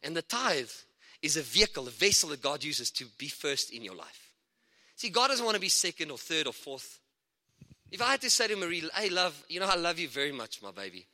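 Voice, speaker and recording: Excitable preacher in a reverberant hall. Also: male voice, a little high, fairly quick. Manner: animated, excitable preaching with asides and laughs. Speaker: guest preacher. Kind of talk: sermon.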